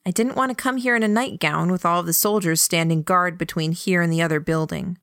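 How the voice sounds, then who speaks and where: A woman voicing a brisk young woman who sounds flustered and exasperated. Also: on the low side, a bit bright, no echo, clean studio sound. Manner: exasperated, scolding.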